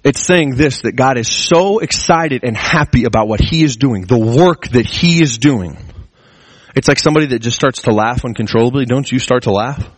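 A man preaching a sermon in an earnest way, his pitch climbing as he presses his points. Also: normal speed, no room sound. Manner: earnest, rising pitch when stressing a point. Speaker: pastor.

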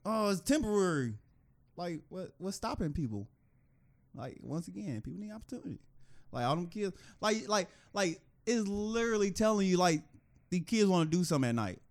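Animated, higher-voiced man chatting. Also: fairly quick. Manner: animated, acts out quoted reactions with laughter. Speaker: podcast co-host. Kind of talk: casual chat.

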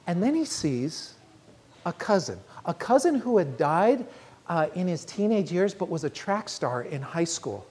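A woman preaching a sermon, telling a story in an earnest, measured way and slowing down on key phrases. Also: lowish voice, very animated, mellow, breathy edge.

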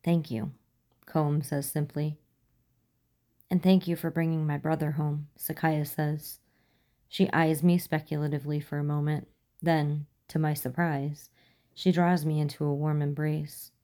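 A woman reading a fan fiction story aloud, calm and unhurried, voicing the dialogue lightly. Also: deep voice. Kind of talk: audiobook narration.

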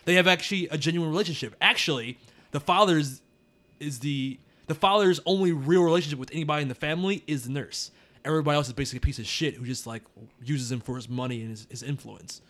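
A man's voice: fairly high pitch, fast talker, a bit bright. A man hosting a podcast, chatting casually about a movie, laughing often and talking loosely. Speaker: podcast host. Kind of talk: casual movie review chat.

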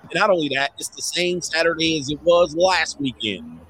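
A man's voice: a little high, expressive, normal speed, fairly bright tone, slight background noise. A middle-aged man, a dating coach, doing slangy, joking live reaction commentary with laughing asides.

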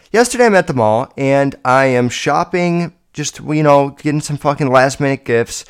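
A man in his twenties hosting a solo podcast, telling stories in a rambling, profane, animated way. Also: medium pitch. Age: 20s. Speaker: podcast host. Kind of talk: casual solo podcast storytelling.

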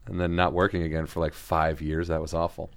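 A man co-hosting a casual comedy podcast, riffing, incredulous and quick to laugh. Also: extremely low pitch, little pitch movement, vocal fry. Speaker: podcast co-host.

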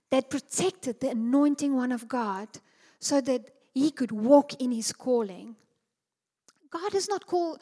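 A woman preaching a sermon to a women's gathering, speaking with passion and climbing to emphatic peaks. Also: high voice. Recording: long hall reverb.

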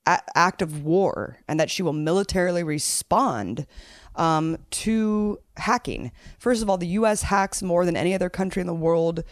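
A host giving animated political commentary in casual chat. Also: female voice, deep voice, no echo. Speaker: show host.

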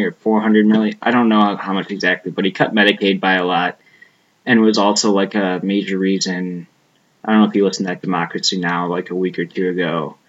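On a lo-fi recording, a young man with a fairly low voice talks loosely in a relaxed podcast conversation. Rambling and profane, he fills his speech with "like" and frequently lets thoughts trail off unfinished.

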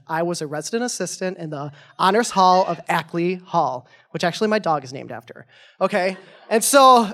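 A young man in his twenties telling a personal story on stage, animated and goofy, chatty with lots of fillers. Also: sits high.

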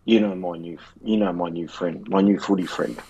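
An Australian man co-hosting a casual footy podcast, telling sweary, animated stories and mimicking his mates. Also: deep voice, a little fast, dull audio. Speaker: podcast co-host.

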